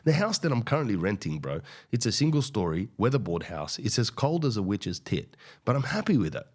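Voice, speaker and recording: Deep-voiced rambling comedian. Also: male voice, very animated, fairly quick. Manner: hesitant, many fillers and restarts, profane. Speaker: comedian and podcast host. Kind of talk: casual rambling monologue.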